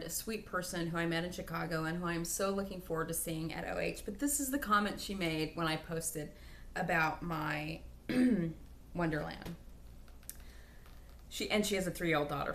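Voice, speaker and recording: A chatty, excitable woman speaks straight to her viewers in a casual video update, her voice bright and forward. She sits a little low in her range and breaks into laughter easily. A faint hum of room noise sits under her. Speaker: vlogger.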